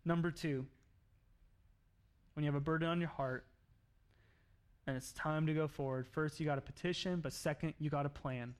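A man preaching a sermon, telling a story in an animated way with laughs and acted-out quotes. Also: on the high side, normal speed, pauses often, clean tone. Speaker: pastor.

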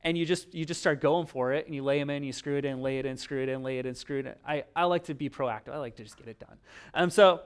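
A man's voice: mid-range voice, quick pace, clear, resonant tone. A man preaching a sermon in a conversational, self-deprecating way, acting out little dialogues. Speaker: pastor.

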